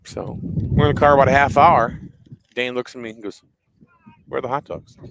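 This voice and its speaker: A man's voice: mid-range voice, steady tone, normal speed, vocal fry. A man giving casual baseball commentary outdoors at a windy ballpark, chatting and telling stories with easy jokes. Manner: chatty storyteller, easy joking.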